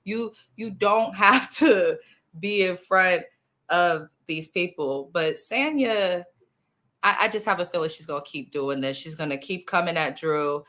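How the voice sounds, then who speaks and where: A woman's voice: fairly low pitch, unhurried, a bit bright. A woman hosting a reality TV review in casual, opinionated chat, talking bluntly with slang over a video call.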